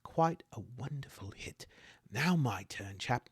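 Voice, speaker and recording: A man's voice: fairly low pitch, measured pace, dark tone, no room sound, clean studio sound, close to an everyday voice. A man voicing a courteous, honest young male knight who speaks politely and formally, in a tabletop game.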